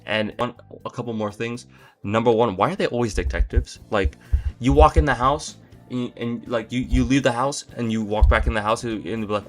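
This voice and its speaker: A man's voice: medium pitch, steady tone, a little fast, faint music behind. A young man doing a comedic rant to camera, exasperated and incredulous, with exaggerated outbursts. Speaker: comedy vlogger.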